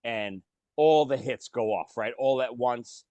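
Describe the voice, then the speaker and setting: A man's voice: mid-range voice, a little slow, no echo. A man co-hosting a casual podcast, talking animatedly about films and acting out lines. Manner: animated, swears casually, acts out movie lines. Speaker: podcast co-host. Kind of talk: casual chat.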